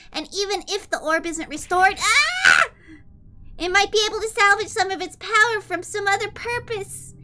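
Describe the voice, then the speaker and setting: A woman's voice: very high voice, bright, forceful tone, voice pushed up. A woman putting on a sugary, cute anime-girl voice to read out a grim journal in an exaggerated, sing-song way. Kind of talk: mock dramatic reading.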